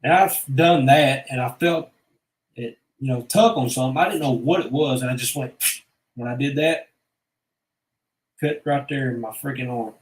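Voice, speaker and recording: A male vlogger with a mid-range voice talks at a moderate pace, leaving long pauses. He rambles through personal stories bluntly and with plenty of swearing, in casual storytelling recorded in an echoey room.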